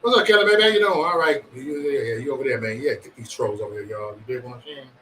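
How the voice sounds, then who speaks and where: A man's voice: mid-range voice, quick pace, far from the mic, a little hiss or hum, rough recording. A man hosting a casual livestream, chatting loosely and profanely with his viewers. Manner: loose, profane, animated banter with chat. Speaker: livestream host.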